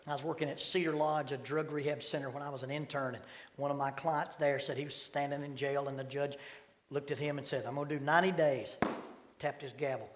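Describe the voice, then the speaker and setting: A middle-aged man preaching a sermon, telling stories and acting out voices with sudden loud bursts. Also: medium pitch, flat delivery, brisk. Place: church sanctuary. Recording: long hall reverb.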